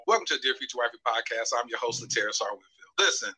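A man's voice: medium pitch, animated, fast, sharp tone, slightly rough, faint music behind, poor audio. A man hosting a relationship podcast in a studio, asking coaxing questions and leading a prayer in an earnest, pastoral way. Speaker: podcast host.

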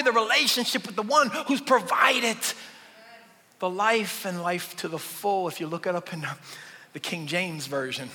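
A man preaching a sermon in a church, swinging between loud bursts and hushed whispers. His voice sits high and sounds bright and forceful. A long reverb trails each phrase, as in a large hall. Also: measured pace. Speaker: pastor.

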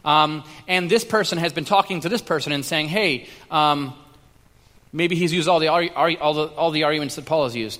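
A man's voice: on the high side, a bit bright. Man preaching in a reverberant hall. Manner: conversational, halting with many restarts and fillers. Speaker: pastor. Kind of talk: sermon.

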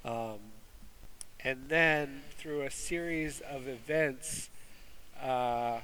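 A man's voice: mid-range voice, drawn-out words, sharp tone, slight background noise, rough recording. A man hosting a casual movie review chat, rambling with fillers and restarts. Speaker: movie review podcast host.

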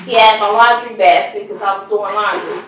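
A middle-aged woman tells her story as a mother in an earnest, conversational way, her pitch sitting in an ordinary middle range. She is recorded from some distance in a strongly reverberant room. A faint ambient hum sits under her voice. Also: fairly even intonation, moderate pace, fairly bright tone. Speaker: mother of a murder victim. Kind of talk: personal testimony.

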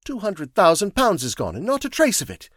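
A man's voice: high-pitched, wildly swooping pitch, a little fast, no room sound, clean studio sound, voice pushed up, full character voice. A man voicing an anxious middle-aged male bank manager in an audiobook, speaking earnestly and with agitation. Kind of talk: audiobook character reading.

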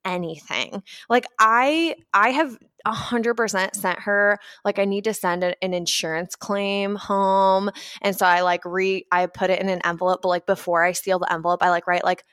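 A woman hosting a casual motivational talk, chatty and animated, often acting out little scenes and dotting her speech with filler words. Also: mid-range voice, dry recording, clean studio sound. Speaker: podcast host.

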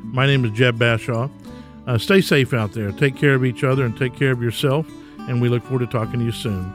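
A man's voice: medium pitch, fairly even intonation, brisk, over music. A man hosting a podcast, telling stories in a folksy, rambling way with frequent ums. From Texas. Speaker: podcast host. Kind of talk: casual solo podcast storytelling.

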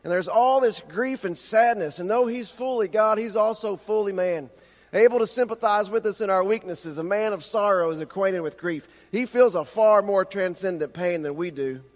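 High-voiced man preaching in a reverberant hall. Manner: impassioned preaching, rhetorical questions, slows for emphasis. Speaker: pastor. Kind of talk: sermon.

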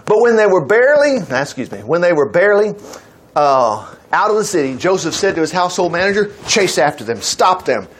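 A man's voice: high-pitched, sing-song, brisk, a little hiss or hum. A male preacher reading a Bible story aloud, breaking off into folksy, joking asides. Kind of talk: sermon reading scripture with asides.

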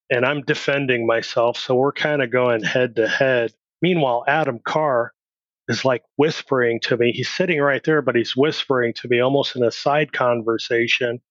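A middle-aged man appears as a podcast guest, candidly telling his life story in a blunt, plain-spoken way and acting out remembered dialogue. His voice is medium-pitched and a bit bright. The recording is dry and slightly dull.

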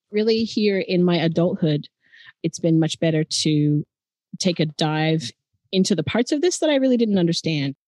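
An Adelaide woman with an Australian accent co-hosts a true-crime podcast, explaining the story earnestly and conversationally. Her lowish, darkish voice has lively intonation at normal speed, and the recording is dry.

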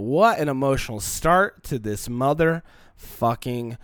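A man's voice: mid-range voice, animated, a little slow, fairly bright tone, no echo, studio quality. A young man hosting a solo podcast, sick with a cold, talking in a rambling, candid, profane and emotional way. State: sick with a cold, congested and coughing. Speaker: podcast host.

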